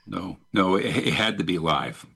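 A man with a very deep, gravelly voice recalls a studio session in a relaxed, anecdotal way. His tone is husky. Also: moderate pace. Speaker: musician. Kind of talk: casual interview.

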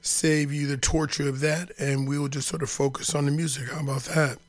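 A man hosting a morning jazz radio show, his voice husky from just waking up, talking in a relaxed way with many fillers. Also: on the high side, no echo. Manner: relaxed, unhurried, with frequent fillers. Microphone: studio microphone.

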